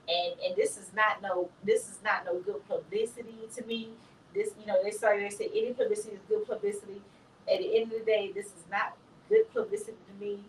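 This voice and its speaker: A woman's voice: medium pitch, expressive, fairly quick. Woman on a podcast, blunt and emphatic, echoey room, bit of hiss. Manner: blunt, emphatic, leans on "literally". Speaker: podcast co-host. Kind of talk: casual chat. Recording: roomy echo, distant mic, faint noise.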